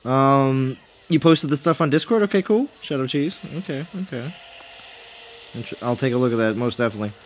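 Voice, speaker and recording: A man's voice: medium pitch, a little fast, a little hiss or hum. A man hosting a live game stream, laid-back and sleepy, chatting casually and reading out viewer comments. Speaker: streamer and channel host.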